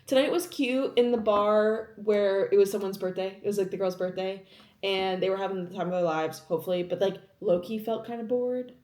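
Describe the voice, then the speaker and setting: A woman's voice: medium pitch, fairly even intonation, a little fast, a little mellow. Chatty late-twenties woman in a roomy space. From New York. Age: late 20s. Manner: chatty, swears freely. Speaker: vlog host. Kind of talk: casual chat. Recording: roomy echo.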